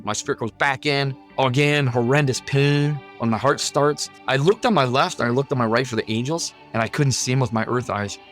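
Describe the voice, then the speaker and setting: A guest recounts his own near-death experience as personal testimony, telling it earnestly, vividly and with emphasis. His voice is mid-range with a fairly bright tone.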